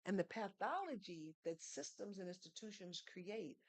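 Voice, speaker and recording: A woman's voice: on the low side, animated, moderate pace, a little mellow, dry recording. A woman, speaking as a podcast guest who tells her story in an earnest, teaching way and poses rhetorical questions. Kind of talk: storytelling conversation.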